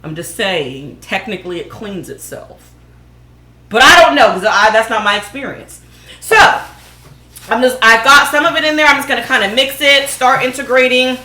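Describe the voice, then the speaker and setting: A woman's voice: on the high side, lively intonation, normal speed, bright, forceful tone. A woman making laundry soap at home and chatting casually to viewers, joking as she works. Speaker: DIY vlogger. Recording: echoey room.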